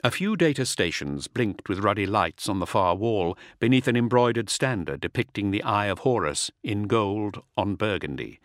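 A man narrating an audiobook in a dramatic, measured reading. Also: on the low side, lively intonation, no room sound, clean studio sound. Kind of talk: scripted narration.

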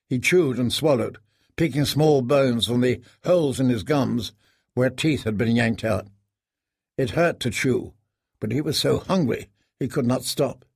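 Male audiobook narrator, measured and grave, dry close recording. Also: medium pitch, gravelly, slightly rough, no echo.

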